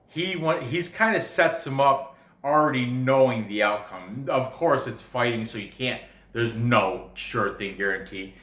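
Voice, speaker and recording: Male host, unhurried, rambling chat, roomy echoey sound. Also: mid-range voice, fairly bright tone. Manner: rambling, trails off and restarts. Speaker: MMA betting picks host. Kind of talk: casual chat. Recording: roomy echo.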